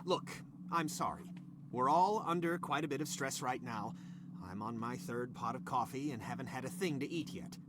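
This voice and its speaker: An actor playing an irritable middle-aged scientist boss who snaps sarcastic insults, then makes stiff apologies. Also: male voice, mid-range voice, normal speed, background noise, natural voice. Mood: sheepish. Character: irritable middle-aged male lab boss, hungry and short-tempered. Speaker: senior scientist.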